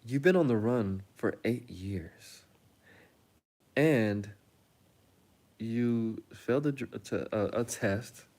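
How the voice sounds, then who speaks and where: A man's voice: medium pitch, a little mellow, natural voice. A man putting on a stern lady judge. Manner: measured, scolding, then casual and slangy. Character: stern female judge lecturing a defendant.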